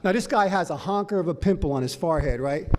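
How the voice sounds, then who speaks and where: A man from Los Angeles telling his life story at a recovery meeting, animated and profane. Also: high-pitched, quick pace, slight background noise. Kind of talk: personal story talk.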